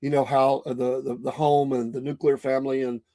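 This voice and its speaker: A man's voice: medium pitch, level tone, fairly quick, vocal fry, warm tone. A middle-aged man with a Southern US accent, hosting a podcast as a casual, rambling monologue full of restarts and fillers. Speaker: podcast host.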